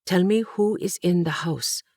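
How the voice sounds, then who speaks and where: A woman narrator voicing a steady, protective grown man who gives firm, low-key instructions. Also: measured pace, no echo, clean studio sound. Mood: tense.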